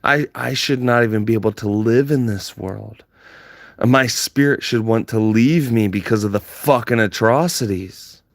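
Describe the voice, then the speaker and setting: A man's voice: mid-range voice, moderate pace, gravelly, no room sound, clean studio sound. A man livestreaming, ranting heatedly at his chat with constant swearing and emphatic repetition.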